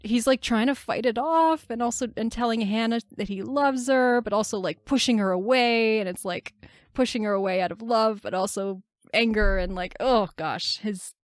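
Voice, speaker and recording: A woman's voice: fairly high pitch, dry recording. Wry woman recapping a film, dry close mic. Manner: wry, laughs often, slows down to narrate scenes. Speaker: podcast co-host. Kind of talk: casual film podcast chat, recapping a film.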